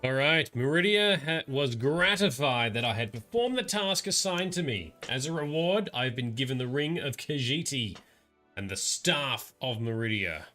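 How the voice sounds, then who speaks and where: A man's voice: medium pitch, lively intonation, normal speed, sharp tone, soft background music. A man giving casual live gameplay commentary as a streamer, chatting and reading lore text aloud.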